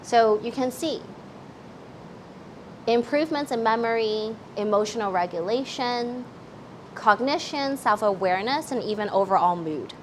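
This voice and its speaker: A woman's voice: on the high side, lively intonation, a little slow, a little hiss or hum, rough recording. A middle-aged woman giving a parenting workshop talk, explaining simply and asking the listeners to join in.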